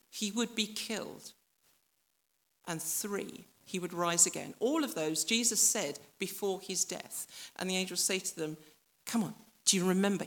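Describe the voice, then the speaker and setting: A woman's voice: on the low side, fairly bright tone. Woman preaching a conversational sermon. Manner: reflective, speaks directly to listeners with rhetorical questions; acts out quoted voices in the story.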